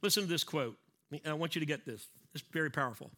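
A man's voice: a little high, fast, bright, forceful tone. A middle-aged man preaching a sermon in a conversational way, acting out little scenes and repeating key lines for emphasis. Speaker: pastor.

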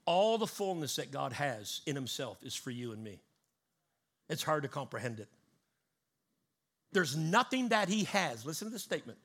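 A man's voice: mid-range voice, fairly bright tone, husky. A man preaching a sermon to his congregation, building emphatic rising cadences and teaching word meanings. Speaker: pastor.

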